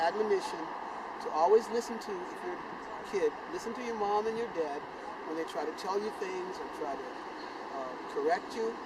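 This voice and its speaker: Older man from South Carolina, storytelling outdoors, noisy road behind, lively and loud. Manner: animated, sound effects like boom and bam, acts out voices. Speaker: channel host telling a personal story. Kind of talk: casual storytelling to camera.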